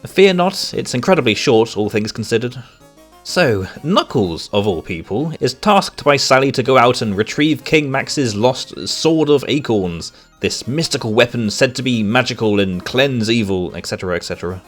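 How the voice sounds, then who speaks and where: A man reading out a scripted comic review with sarcastic, exasperated commentary. His pitch sits in a middle range but swings widely as he talks. Soft music plays faintly underneath. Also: animated, normal speed.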